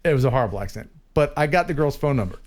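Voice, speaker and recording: A man hosting a casual livestream chat, animated and quick to chuckle while he tells stories. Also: medium pitch, noisy background. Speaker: livestream host. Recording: faint music behind.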